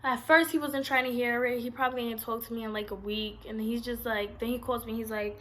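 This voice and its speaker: A woman's voice: on the high side, steady tone, brisk, hardly any pauses, fairly bright tone, slight background noise. A woman, telling a long personal story in a blunt, rambling, profane storytime vlog. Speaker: vlogger.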